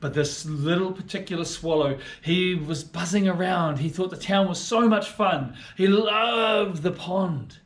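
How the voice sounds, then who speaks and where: A man reading a story to children, swinging between loud and hushed lines. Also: sits high, measured pace, hardly any pauses. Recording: echoey room.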